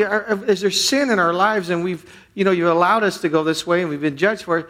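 A male pastor preaching a sermon in an earnest voice, swinging between loud pleading and hushed prayer. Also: sits high, fairly quick, few pauses.

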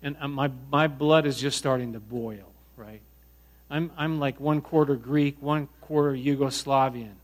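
A middle-aged man preaching a sermon, telling a personal story in a conversational, animated way with many restarts. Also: medium pitch, measured pace. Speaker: pastor.

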